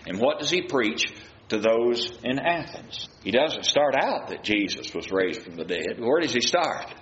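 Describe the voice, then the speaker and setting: A man preaches a sermon, reading scripture aloud and putting rhetorical questions to his listeners in a mid-range, sing-song voice that's a bit bright. He speaks at a measured pace. The recording is muffled and roomy, with a faint hiss.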